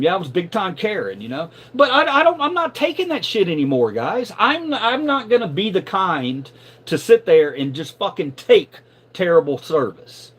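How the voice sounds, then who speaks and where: Animated, profane middle-aged man telling a story. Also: fairly high pitch, moderate pace. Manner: animated, profane, repeats words when riled. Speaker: live streamer. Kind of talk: casual storytelling.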